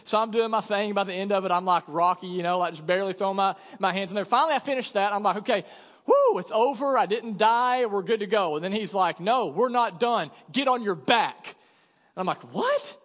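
A young adult man preaching a sermon in a church, telling a jokey story and acting out the dialogue in an animated way. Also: high-pitched, fast. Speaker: pastor. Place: church hall. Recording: long church reverb.

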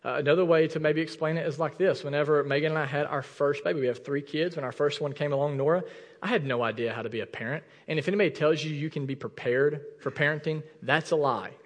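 Impassioned pastor preaching in a reverberant hall. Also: male voice, fast talker. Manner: impassioned, rising to near shouts then dropping low and intimate. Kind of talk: sermon. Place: church sanctuary.

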